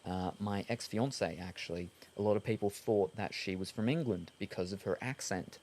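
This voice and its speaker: A man's voice: lowish voice, moderate pace, a little mellow, a little hiss or hum. An Australian man chatting casually while streaming a game, rambling and hesitant with lots of ums and uhs. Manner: rambling, hesitant, many fillers. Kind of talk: casual chat while gaming.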